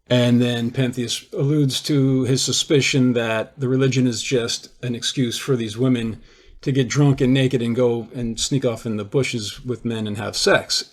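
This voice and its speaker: A man giving an informal lecture. He retells a classic play in a conversational storytelling way, with frequent restarts. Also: mid-range voice. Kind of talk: informal lecture explaining a theory.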